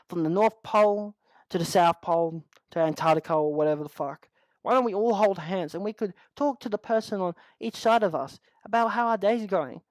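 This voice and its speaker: A man's voice: sits high, no echo, low-quality recording. A young man with an Australian accent, upset, ranting in a vlog monologue, swearing constantly and restarting his sentences. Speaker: channel host.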